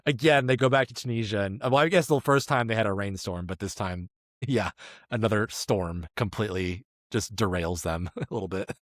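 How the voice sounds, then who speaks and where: Male podcast co-host, lowish voice, dry close sound, wry and self-mocking, trips over names. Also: normal speed, no echo. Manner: joking, self-deprecating, stumbles over names. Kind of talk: casual chat.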